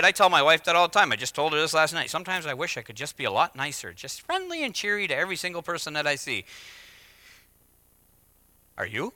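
Middle-aged male pastor, sermon delivery, very bright slightly high voice, dry close sound; hushed to emphatic. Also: big pitch swings, fast, dry recording. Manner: swings from hushed to loud, emphatic preaching.

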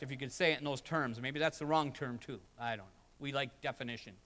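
A man's voice: medium pitch, brisk, hardly any pauses, sharp tone. A man preaching a sermon as pastor, emphatic and building with repeated phrases, in a church sanctuary. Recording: long hall reverb.

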